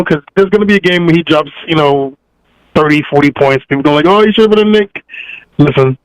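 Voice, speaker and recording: A man's voice: on the high side, no echo, rough recording. A man calling into a podcast for a casual chat, easygoing and hesitant, with many fillers. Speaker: caller.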